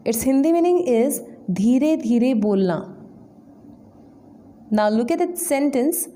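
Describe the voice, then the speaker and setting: A woman, an English trainer, slowly explaining vocabulary words one by one in a lesson. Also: high-pitched, expressive, dark tone. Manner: slow, deliberate word-by-word explanation.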